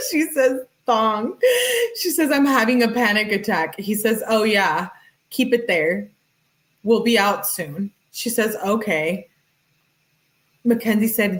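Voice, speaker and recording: Woman true-crime commentator, mid-pitched voice, reads text messages aloud in a quick, plain way. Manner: brisk, matter-of-fact reading, tagging each message with he says or she says; talks directly to viewers in chat.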